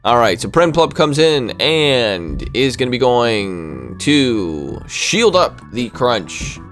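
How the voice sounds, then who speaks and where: Excitable man commentating a game. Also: mid-range voice, takes it slowly, faint music behind. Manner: excitable, reacting aloud to each play. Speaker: gaming commentator.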